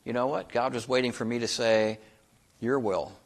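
A middle-aged man from North Dakota preaching a sermon, folksy and conversational, with an everyday mid-range voice. He swings from quiet asides up to loud, emphatic questions for the congregation. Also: medium pitch, steady tone, normal speed, gravelly. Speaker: pastor.

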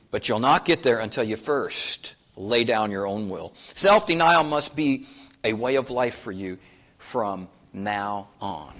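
A man's voice: fairly low pitch, animated, measured pace, fairly bright tone. A middle-aged man from North Dakota preaching a sermon in a conversational, folksy way, building up to emphatic questions for his congregation. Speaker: pastor.

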